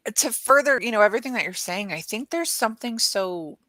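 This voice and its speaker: A woman in her thirties with an American accent, co-hosting a morning talk show in rambling, animated casual chat. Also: fairly high pitch, brisk, no room sound. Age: 30s.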